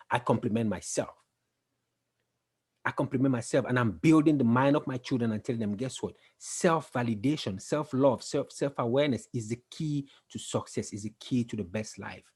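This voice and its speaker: A man's voice: medium pitch, expressive, a little fast, a little mellow, slightly rough. A man giving an emphatic, repetitive motivational talk, building to intense passages. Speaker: motivational speaker.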